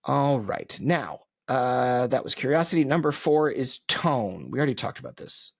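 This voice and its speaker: A man's voice: medium pitch, sing-song, moderate pace, gravelly, no echo. A man hosting a solo podcast, talking in a conversational, reflective way with frequent ums and asides, close to the mic. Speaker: podcast host.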